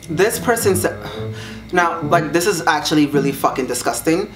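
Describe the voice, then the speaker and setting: A young man reading viewer secrets aloud on his vlog, sassy and dramatic, jumping up high in pitch to make a point. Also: normal speed. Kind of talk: casual vlog reaction. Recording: echoey room with music behind.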